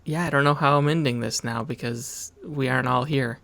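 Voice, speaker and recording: Gravelly laid-back man co-hosting a podcast. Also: medium pitch, brisk, a bit bright. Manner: laid-back and wry, with hesitant fillers. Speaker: co-host. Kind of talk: casual video game podcast chat.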